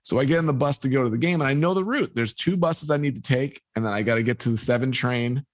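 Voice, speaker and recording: A man's voice: medium pitch, quick pace, dry recording. A man, a guest telling a long personal story and acting out the people in it. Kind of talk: storytelling in a podcast conversation.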